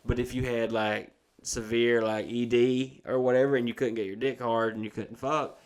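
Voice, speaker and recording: A man's voice: mid-range voice, flat delivery, normal speed. A man, co-hosting a crude casual chat, profane and storytelling with a lot of laughter. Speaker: podcast co-host.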